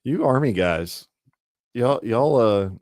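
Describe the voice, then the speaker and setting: A man's voice: medium pitch, animated, slow, darkish tone, dry recording. A man co-hosting a talk radio show, chiming in with short, dry quips. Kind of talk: casual talk radio banter.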